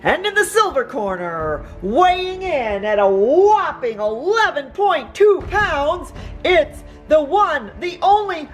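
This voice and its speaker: A woman's voice: high voice, big pitch swings, faint music behind, voice pushed up, full character voice. A woman playing a showy boxing ring announcer, drawing out each word for effect. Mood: showy, hyped. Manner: drawn-out, theatrical announcing.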